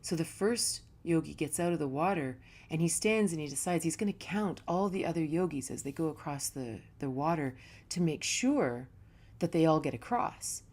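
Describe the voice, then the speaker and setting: A woman yoga teacher speaks in a low, warm voice with no bright edge. She gives a reflective spiritual talk in a relaxed, conversational way, telling stories as she teaches. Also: moderate pace.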